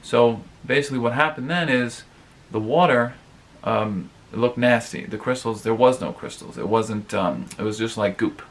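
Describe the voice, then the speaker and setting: In his own advice vlog, a man talks in a casual, rambling way, stuffing in fillers and frequently breaking off to talk straight to viewers. He has a mid-range, animated voice with vocal fry, delivered at normal speed.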